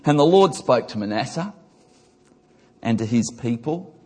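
Husky-voiced man preaching in a reverberant hall. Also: mid-range voice, expressive, unhurried, long pauses, darkish tone. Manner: emphatic preaching with big rises and drops. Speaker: pastor. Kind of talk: sermon. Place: church. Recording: long reverb of a large hall.

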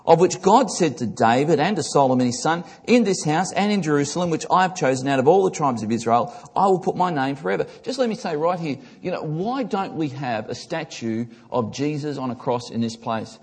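A man's voice: on the high side, lively intonation, fairly quick, few pauses, a little mellow, husky. A man preaching a sermon as pastor, with emphatic rises and drops, reading scripture and commenting on it in a church. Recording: long reverb of a large hall.

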